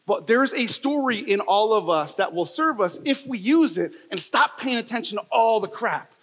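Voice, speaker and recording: Emphatic high-voiced man in a reverberant hall. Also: expressive, normal speed, a bit bright. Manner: emphatic, repetitive, storytelling delivery. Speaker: motivational speaker. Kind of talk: motivational keynote talk. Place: large event hall. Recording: long reverb of a large hall.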